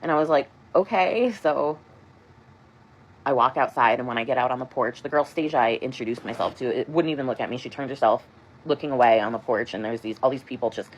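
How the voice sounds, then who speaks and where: A woman's voice: very deep voice, quick pace, husky. A woman in her thirties telling a personal story in a casual vlog, rambling and full of "like". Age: 30s.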